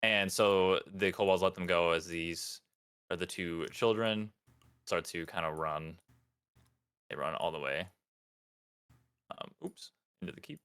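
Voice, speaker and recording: A man's voice: deep voice, a little slow, pauses often, a bit bright, clear, resonant tone. A man narrating as game master in a tabletop game, rambling with many fillers.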